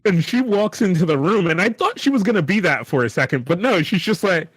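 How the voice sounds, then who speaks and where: A man's voice: sits high, expressive, fairly quick, fairly bright tone, husky, no echo. Man, podcast co-host, casual chat, rambling with fillers, dry close sound. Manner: rambling, lots of fillers and "right?".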